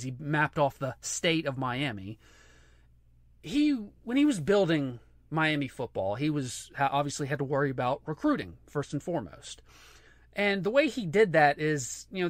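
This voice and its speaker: Animated solo sports podcast host, a man. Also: fairly high pitch, dry recording, studio quality. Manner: animated storytelling with frequent restarts. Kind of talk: solo sports talk monologue.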